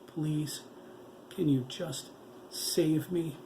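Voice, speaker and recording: A man's voice: mid-range voice, slow, pushed and bright, echoey room, slight background noise. A man voicing a feral bionic werewolf boy with an electronically enhanced voice, swinging between sobbing pleas and growled threats.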